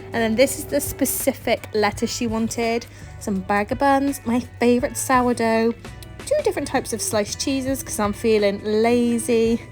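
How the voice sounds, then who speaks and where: A British woman chats to camera in a relaxed home vlog, her voice sitting a little on the high side. She is cheerful and talkative, often laughing as she goes, with soft music playing faintly underneath. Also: a little slow, poor audio. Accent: British English. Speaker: vlogger, homemaker. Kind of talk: casual vlog chat. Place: home kitchen.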